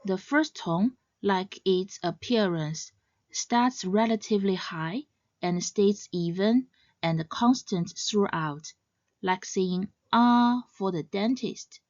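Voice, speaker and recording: A woman giving a scripted educational narration as a language teacher, in a measured, clearly explaining way. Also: medium pitch, darkish tone, no echo, dull audio.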